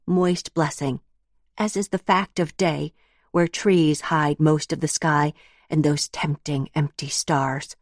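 A woman narrating a literary audiobook in measured, reflective phrasing. Her voice sits low and she takes her time over each line. The sound is close and dry, with no room around it. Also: a little mellow, no room sound.

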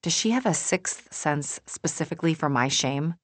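Low-voiced woman narrating fiction. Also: lively intonation, moderate pace, no echo. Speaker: audiobook narrator. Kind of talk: first-person fiction narration.

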